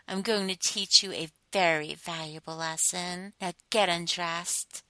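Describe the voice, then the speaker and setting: A woman narrating a second-person role-play in a slow, teasing, commanding way. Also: lowish voice, steady tone, pushed and bright, no room sound. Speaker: adult audio narrator.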